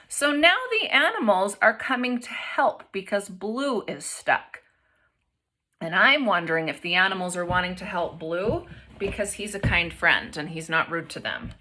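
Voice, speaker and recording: A young adult woman teacher with a mid-range, animated voice reads a picture book aloud to children. She's gentle and encouraging, often pausing to ask them questions.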